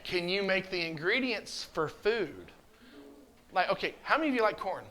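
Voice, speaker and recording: A man's voice: sits high, expressive, normal speed, sharp tone. A man teaching a children's communion class, coaxing answers with repeated questions. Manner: coaxing, asks questions over and over. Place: church classroom.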